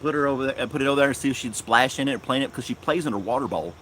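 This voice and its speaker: A man chatting casually on a live stream in his yard, rambling and unhurried, talking fondly to his dog. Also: mid-range voice, a bit bright, slight background noise. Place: outdoors in a yard.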